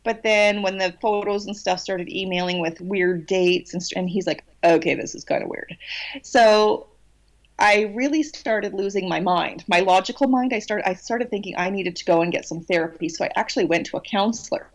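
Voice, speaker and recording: A woman telling a personal story in a podcast interview, cheeky and animated, with many restarts. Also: medium pitch, moderate pace. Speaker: guest channeler.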